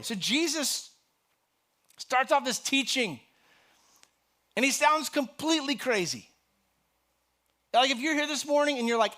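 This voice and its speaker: A man's voice: very high voice, moderate pace, pauses often. A middle-aged man preaching a conversational sermon as a pastor, lifting his voice for the scripture he reads. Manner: conversational and animated, rising sharply on scripture. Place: church sanctuary.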